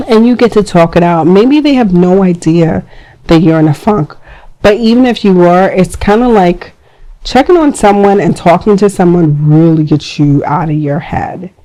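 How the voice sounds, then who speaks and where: A young adult woman hosting a podcast, giving advice in a casual, chatty way with lively acted-out quotes. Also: mid-range voice, low-quality recording. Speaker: podcast host.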